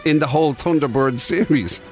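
A man's voice: on the high side, brisk, soft background music. A man co-hosting a morning radio show, trading teasing banter with his partner. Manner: teasing, animated, puts on silly voices. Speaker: radio co-host.

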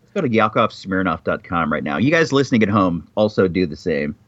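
Teasing, lively-voiced man. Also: low voice, brisk, no room sound, highs cut off. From United States. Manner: teasing, jokey, puts on a mock Russian accent in bits. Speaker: podcast co-host. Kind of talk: casual chat.

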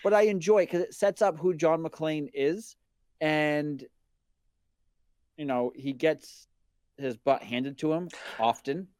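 A man's voice: a little high, slow, pauses often, darkish tone, smooth, no echo, clean studio sound. A man on a movie podcast, talking casually in an easygoing, defensive way. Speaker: podcast co-host. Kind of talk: casual movie review chat.

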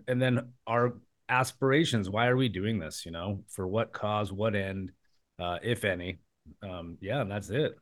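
A man co-hosting a podcast, talking casually and searching for words with many fillers. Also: mid-range voice. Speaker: podcast co-host. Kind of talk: casual conversation.

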